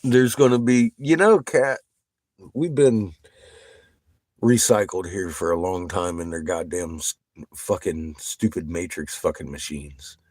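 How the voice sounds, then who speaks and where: Excitable, profane man on a livestream, low voice. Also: unhurried, dry recording. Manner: profane, excitable, laughs often. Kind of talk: casual livestream chat with viewers.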